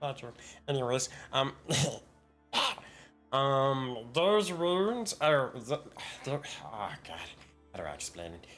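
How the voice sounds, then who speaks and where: A man runs a tabletop game over voice chat, his mid-range voice tumbling through stammers and restarts as he explains. He laughs often between thoughts. Soft music plays faintly under him. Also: medium pitch, sing-song, slow. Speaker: game master.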